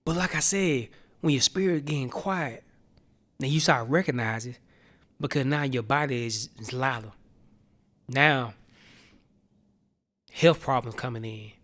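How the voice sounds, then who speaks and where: A man pastor delivering a sermon with impassioned preaching that drops into hushed tones. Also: mid-range voice, a little slow, pauses often. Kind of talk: sermon on a streamed show.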